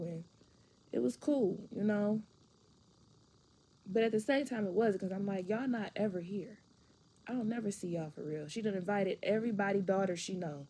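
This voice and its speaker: A woman's voice: mid-range voice, warm tone, breathy edge. A woman telling a personal story to camera in a frank, conversational way, often restarting and repeating phrases.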